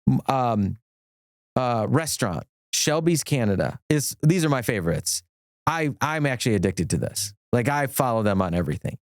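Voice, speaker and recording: A middle-aged man, an attorney, chatting as a podcast guest, enthusiastic and rambling with quick restarts. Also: medium pitch, lively intonation, no echo, clean studio sound. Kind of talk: casual podcast conversation.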